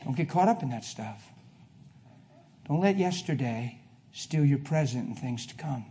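A preacher giving a sermon to a congregation, telling a personal story, going from hushed to loud. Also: male voice, medium pitch, expressive, unhurried. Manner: emphatic, swings from hushed to loud. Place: before a live congregation.

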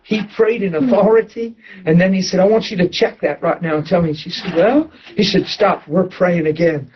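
A man preaching to a church audience, telling a story with lively laughter and excited outbursts. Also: high voice, moderate pace, highs cut off. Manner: animated, laughing, voice jumps up when excited. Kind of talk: storytelling sermon.

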